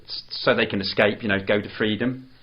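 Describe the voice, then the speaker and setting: A man's voice: fairly low pitch, steady tone, fairly quick. A man co-hosting a podcast, chatting casually about a film, rambling with many restarts. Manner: rambling, full of restarts and "you know". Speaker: podcast co-host. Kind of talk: casual chat reviewing a film. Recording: dull lo-fi podcast audio.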